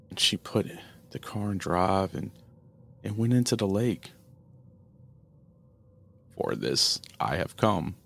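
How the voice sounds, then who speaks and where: A man narrating a first-person horror story in a steady, earnest storytelling manner. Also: low-pitched, a little hiss or hum.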